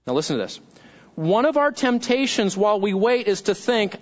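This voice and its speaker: High-voiced man preaching a sermon. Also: expressive, normal speed, lo-fi sound. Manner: conversational, asks the congregation questions. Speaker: pastor.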